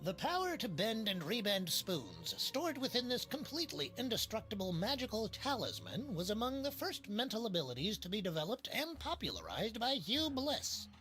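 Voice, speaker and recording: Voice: mid-range voice, sing-song, normal speed, hardly any pauses, bright, forceful tone, soft background music. A performer voicing a serene, preachy docent of a new-age cult in a video game. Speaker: game character.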